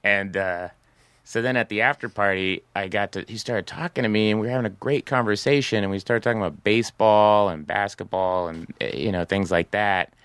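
A male comedian telling casual anecdotes on a podcast, animated and laughing often, slipping into voices. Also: on the low side, brisk, smooth, no echo. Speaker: comedian and guest storyteller.

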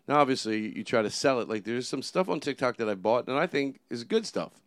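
A man's voice: mid-range voice, expressive, a little fast, no room sound. A man hosting a comedy podcast, rambling and interrupting himself as he talks.

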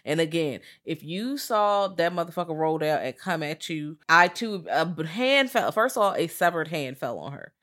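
Woman podcast co-host, lively storyteller, swears freely, casual review chat. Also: sits low, normal speed, few pauses. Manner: animated retelling with acted quotes, swears freely.

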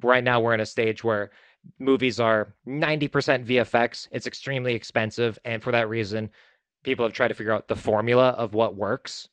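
A man talking casually as a filmmaker guest in an interview, chatty and self-deprecating with quick asides. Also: mid-range voice, fairly even intonation, a bit bright, dry recording.

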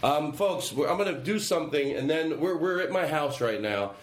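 Man, podcast host, rambling playful chat, lively up-and-down voice, echoey room at home. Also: on the high side, moderate pace. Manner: rambling, playful, laughing often. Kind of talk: casual chat. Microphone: handheld recorder. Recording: roomy home recording.

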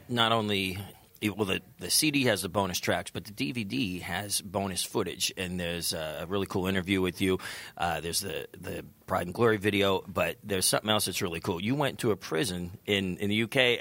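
A man's voice: fairly low pitch, fairly bright tone. A man hosting an interview, asking enthusiastic questions with many restarts. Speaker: interview host.

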